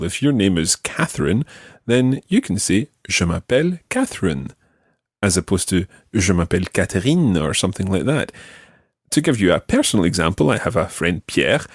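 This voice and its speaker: A Scottish man teaching a language lesson, patiently modelling phrases slowly for the learner to repeat. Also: lowish voice, slightly rough, dry recording, clean studio sound. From Scotland. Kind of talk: slow, clear language lesson.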